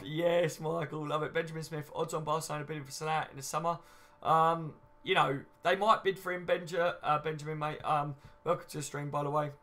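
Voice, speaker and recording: A man's voice: fairly high pitch, a bit bright. A man in his thirties hosting a casual live stream, chatting loosely and answering viewer comments with lots of ums and "you know what I mean".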